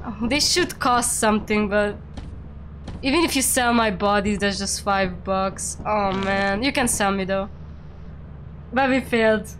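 A young woman hosting a casual game stream, playful and teasing, quick to exclaim. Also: medium pitch, fairly bright tone, slight background noise. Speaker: streamer and VTuber host.

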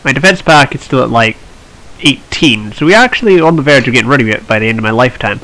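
A man's voice: medium pitch, expressive, fast talker, sharp tone, poor audio. A man hosting a strategy game let's play, chatting and thinking aloud with wry asides. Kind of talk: strategy gameplay commentary.

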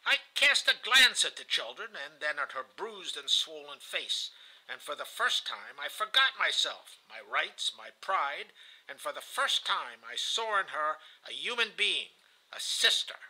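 Gravelly, bright male audiobook reader. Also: a little high, sing-song, unhurried, rough recording. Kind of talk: first-person novel narration.

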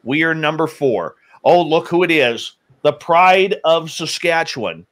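A man's voice: fairly high pitch, lively intonation, measured pace, fairly bright tone. A man hosting a live radio show, reading out chat-room greetings with jokey, teasing banter.

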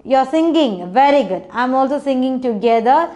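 A woman's voice: high-pitched, expressive, unhurried, mellow. A young woman with an Indian English accent teaching phonics to small children, patient and encouraging, breaking into short sing-song chants.

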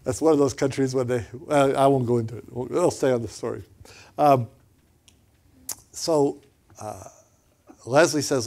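A man preaching and telling a personal story in a lively way, often repeating words and acting out what others said. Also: medium pitch, normal speed, creaky, long pauses. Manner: animated, repeats words, acts out quotes. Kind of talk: storytelling sermon.

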